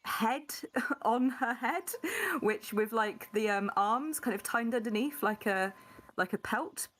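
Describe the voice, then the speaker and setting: A woman's voice: fairly high pitch, slow, fairly bright tone, slight background noise. A woman player casually describing her tabletop character in a chatty way. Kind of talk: casual chat.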